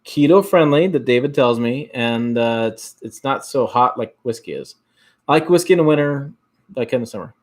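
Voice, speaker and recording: Lively Upper Midwest man chatting. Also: mid-range voice, moderate pace. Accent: Upper Midwest American. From Michigan. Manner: rambling, repeats and restarts words, chuckles often. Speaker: host. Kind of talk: casual livestream chat reading viewer comments.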